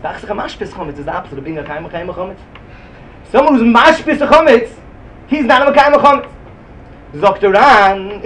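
Fast, high-voiced man with a Yeshivish accent giving a Talmud class. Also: slight background noise, rough recording. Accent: Yeshivish English. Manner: rapid, emphatic, mixes Yiddish and Hebrew terms into English. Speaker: Talmud teacher. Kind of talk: Talmudic lecture.

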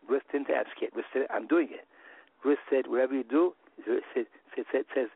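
A man giving a Torah lesson, halting and repeating himself with many restarts. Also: mid-range voice, steady tone, husky, dry recording. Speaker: religious teacher. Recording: phone-like line.

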